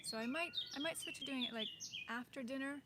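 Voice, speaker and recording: A woman's voice: high-pitched, fast, heavy background noise. Hesitant woman chatting on a livestream. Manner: hesitant, rambling, many fillers and little laughs. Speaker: livestream host. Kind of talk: casual livestream chat. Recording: birdsong in the background. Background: birdsong.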